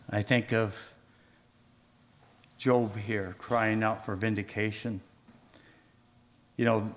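A man preaching a sermon as pastor, reading scripture with rising fervor and dropping low and soft on solemn points. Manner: rises in pitch and volume when reading scripture aloud.

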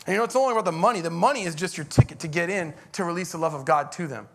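High-voiced man preaching a sermon. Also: rapid-fire, creaky. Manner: conversational preaching, rising to emphatic bursts. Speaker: pastor.

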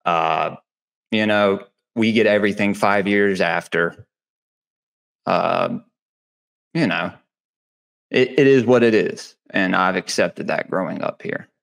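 A man from Mississippi, joining a podcast as a guest over a call from home. His voice sits fairly low. He talks loosely, peppering his speech with "dude" and "bro". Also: slow pace, vocal fry, pauses often, a bit bright. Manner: slangy, says "dude" and "bro" a lot. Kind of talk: casual podcast chat.

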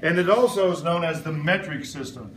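A middle-aged man leads a classroom science lesson, firing playful questions at the class and waiting for them to answer back. His voice sits high for a man. Steady classroom noise hums behind him. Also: fairly quick, reverberant, recorded from a distance. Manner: call-and-response questioning, playful. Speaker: science teacher. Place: elementary school classroom.

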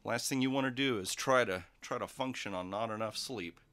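A man hosting a livestream, telling a joke and chatting casually in a relaxed, rambling way. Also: fairly low pitch, a little fast. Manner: relaxed, rambling, chuckling asides. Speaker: livestream host.

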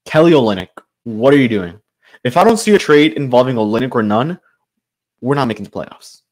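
A man's voice: mid-range voice, lively intonation, fairly quick, darkish tone. Male sports channel host, mid-range voice, exasperated improvised fan rant. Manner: frustrated, ranting, loosely improvised with fillers. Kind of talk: solo sports commentary rant.

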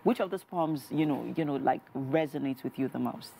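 A Nigerian woman hosting a TV studio interview, warm and encouraging, leaning on "you know" as she talks. Her voice sits low for a woman. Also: moderate pace, gravelly, slight background noise. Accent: Nigerian English. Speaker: TV show host.

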